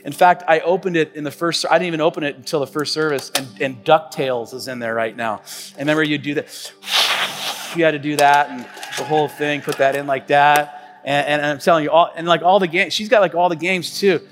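Preacher telling stories with casual fillers. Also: male voice, on the high side, fairly even intonation, brisk, fairly bright tone, in a large hall. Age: 40s. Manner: casual storytelling, many fillers and restarts. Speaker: pastor. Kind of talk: sermon. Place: church stage.

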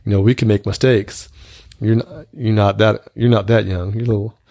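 A man's voice: lowish voice, level tone, normal speed, creaky, warm tone, no room sound, clean studio sound. A man in his fifties talking frankly and earnestly in a casual conversation, often repeating words as he starts a thought.

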